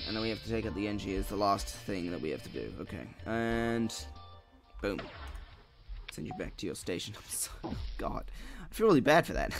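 Young man swearing over a game. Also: on the low side. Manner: swears a lot, frustrated outbursts, mutters to himself. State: sleepy, yawning. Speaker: let's play gamer. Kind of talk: casual gameplay commentary.

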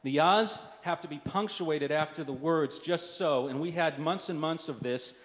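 A man's voice: on the high side, normal speed, a bit bright. A man performing stand-up comedy, telling a wry story with lots of asides. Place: live comedy stage. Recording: reverberant hall.

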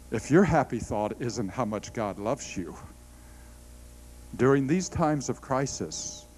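A middle-aged man delivers a sermon in a slightly high voice. He tells stories with animated energy, breaking into laughs and stumbling over restarts as he goes. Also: rough recording. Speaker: preacher.

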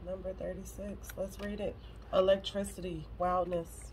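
A woman's voice: on the low side, flat delivery, normal speed, a little mellow, slight background noise, rough recording. A woman doing a casual tarot reading to camera, blunt and profane and close to tears. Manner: blunt and profane, emotional, swears freely. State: on the verge of tears. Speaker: tarot reader.

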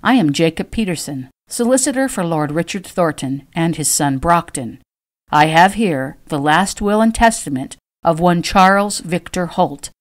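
A woman voicing a small, spectacled solicitor who speaks calmly and formally in an audiobook. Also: on the low side, moderate pace, lightly acted. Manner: calm, formal, precise.

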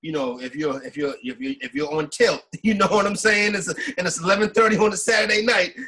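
A man with a slightly husky, raised voice chats loosely about football bets on a sports podcast. He rambles along in a relaxed way and keeps checking in with his co-host. His talk sounds easygoing and conversational. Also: high voice, quick pace, poor audio. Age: adult with kids. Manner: loose, rambling, says "you know what I'm saying" often. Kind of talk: casual sports betting chat.

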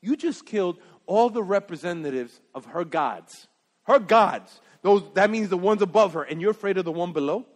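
A male preacher delivers an animated, emphatic sermon in a high voice. He swings from loud exclamations to hushed asides. His voice rings with a long hall reverb. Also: brisk, hardly any pauses. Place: church sanctuary.

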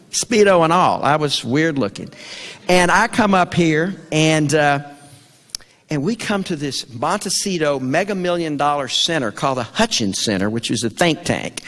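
Speaking with a slightly high, somewhat bright voice, this older man with a Southern American accent spins a folksy, stammering tale for an event crowd. He is a Vietnam veteran, and the room carries a long hall echo.

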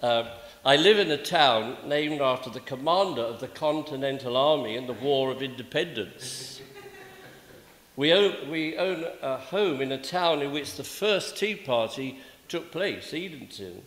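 A man's voice: mid-range voice, lively intonation, a little slow, fairly bright tone. A man with a British accent preaching a sermon, with wry humorous asides. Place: church sanctuary. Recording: echoey church from a distance.

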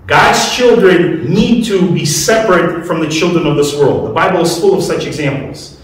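A man's voice: on the high side, animated, normal speed. A man preaching a sermon to a congregation in a conversational way, asking them questions as he goes. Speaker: pastor. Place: church hall. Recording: echoey room, mic at a distance.

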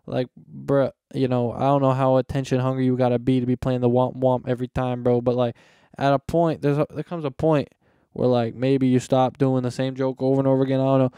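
A teenage guy talks straight into a close podcast mic, rambling through a slangy, mocking rant. His voice is mellow and smooth, recorded dry with no room echo. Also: mid-range voice, level tone, brisk. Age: teens. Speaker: podcast host. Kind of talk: casual solo podcast rant. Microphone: close podcast microphone.

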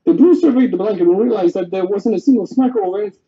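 A man reading a children's storybook aloud in a gentle, expressive way, on a dull lo-fi home recording. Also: sits high, quick pace. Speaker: story reader.

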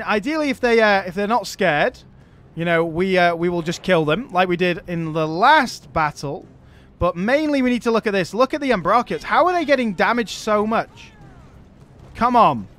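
A man's voice: high-pitched, fairly bright tone. A man giving let's play commentary on a strategy game, barking orders at his units and swearing when frustrated. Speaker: gaming channel host.

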